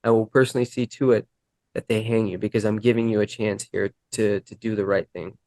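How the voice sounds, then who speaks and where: A man candidly recounting his recovery story in an interview, earnest and halting, acting out the dialogue he quotes. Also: on the low side, flat delivery, dark tone, dry recording.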